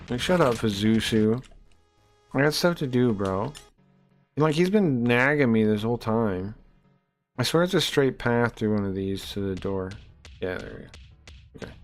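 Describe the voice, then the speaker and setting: A man's voice: mid-range voice, moderate pace, faint music behind. A man streaming a game, chatting casually in a loose, rambling, profane way. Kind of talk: casual live-stream chat while playing.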